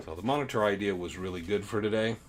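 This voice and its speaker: A man hosting a casual livestream, reading viewer comments in a rambling, easygoing way, a bit low on energy from the heat. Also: fast talker, a little hiss or hum. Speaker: livestream host.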